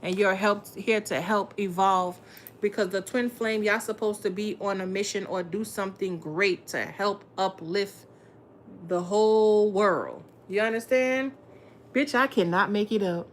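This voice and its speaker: A tarot reader with a mid-range voice gives a casual reading a little slowly, with slight background noise. She talks straight to her viewers, blunt and full of profanity and slang.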